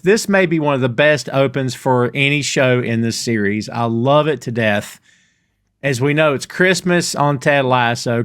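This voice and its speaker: A man's voice: medium pitch, a bit bright, clean tone, no room sound, studio quality. Enthusiastic man recapping a show. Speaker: podcast co-host. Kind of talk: casual review chat.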